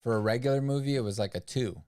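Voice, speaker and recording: A man's voice: medium pitch, fast, a little mellow, clean tone. A man co-hosting a casual livestream, chatting and teasing his partner in laid-back banter. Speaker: livestream co-host. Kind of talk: casual chat.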